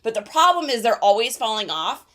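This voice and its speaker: A young adult woman hosting a casual livestream, chatty and excitable, laughing often. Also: on the high side, fairly quick. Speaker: reseller livestream host.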